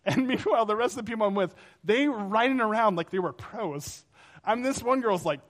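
A male pastor preaching a sermon, telling stories in an animated, conversational way. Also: sits high, fairly quick.

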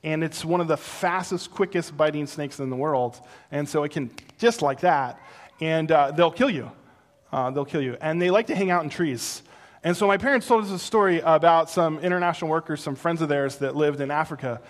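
A middle-aged man preaching a sermon, telling stories with animated, loud peaks and teaching in a slow, soft, earnest way. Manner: animated storytelling that builds to loud, high exclamations. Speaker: pastor.

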